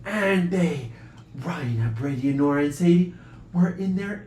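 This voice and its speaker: A man telling an improvised bedtime adventure story to children, jumping into voices for the characters. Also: measured pace. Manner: animated, jumps into high voices for characters. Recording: echoey room, faint hiss.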